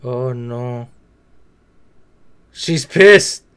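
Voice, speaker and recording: A man's voice: mid-range voice, expressive, drawn-out words, a bit bright, clear, resonant tone. A young man talking back at the screen in casual reaction commentary, chatty and swearing now and then. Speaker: reaction video host.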